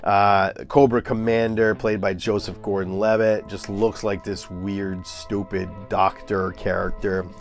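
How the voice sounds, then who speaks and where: A man's voice: lowish voice, flat delivery, unhurried, hardly any pauses, over music. A man giving a casual, opinionated movie review, ranting and scoffing with lots of fillers and restarts.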